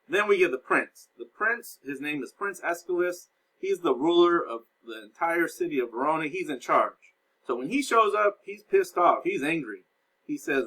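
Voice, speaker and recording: Male teacher, bright, slightly high voice, casual lecture recap, paraphrasing scenes for students. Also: animated, moderate pace, low-quality recording. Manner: casual explaining, reads and paraphrases lines.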